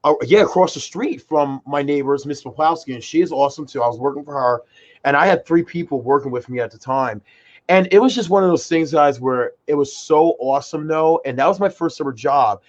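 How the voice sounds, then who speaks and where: The recording is muffled as a young co-host in his twenties speaks fairly quickly in a voice on the high side. Excitable and rambling, he fills his casual stories with "like" and "freaking."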